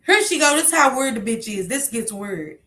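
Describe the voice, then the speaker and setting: A woman streamer in a heated, profane, casual rant to her viewers, breaking into shouts. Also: on the high side, big pitch swings, moderate pace, roomy sound.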